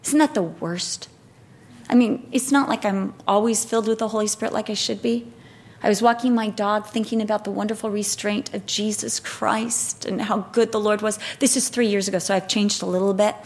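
A woman preaching a sermon, telling personal stories in a lively way, acting out what people said and laughing at herself. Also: medium pitch, moderate pace. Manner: lively storytelling, acts out quotes, laughs at herself.

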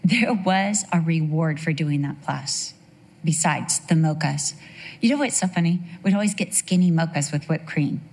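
A woman's voice: low-pitched, moderate pace, a little mellow. A middle-aged woman giving a conversational sermon, telling chatty stories with asides and questions to her listeners. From United States. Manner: chatty storytelling with frequent asides and rhetorical questions. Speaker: Bible teacher.

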